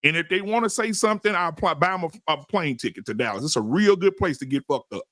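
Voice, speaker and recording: High-voiced preachy profane man. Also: expressive, fast talker, a bit bright, no echo. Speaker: podcast host. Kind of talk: heated panel talk. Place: live-stream podcast studio.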